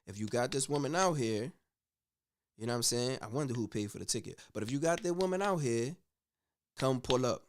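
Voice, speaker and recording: A man hosting a casual commentary show, talking in an animated, slangy way with frequent "you know what I'm saying.". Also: medium pitch, brisk, a little hiss or hum. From United States. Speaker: host.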